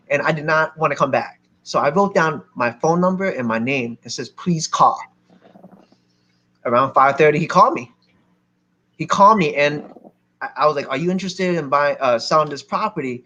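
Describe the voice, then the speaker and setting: A man from Philadelphia telling a lively story to a seminar audience as a real estate investor, acting out the people in it. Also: a little high, normal speed. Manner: animated, acts out other people's lines.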